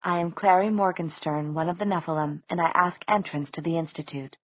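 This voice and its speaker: Urgent teenage girl read by a woman, husky and lowish, tinny dry audio. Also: a little fast, no room sound, close to an everyday voice. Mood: formal. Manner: urgent, pleading. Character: anxious teenage girl Shadowhunter. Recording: dry, tinny phone-like sound.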